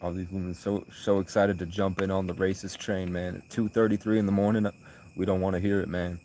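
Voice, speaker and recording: A low-pitched man from the United States talking on a late-night livestream. He rambles and repeats himself, answers his chat and breaks into loud laughter. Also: flat delivery, a little fast, a little hiss or hum.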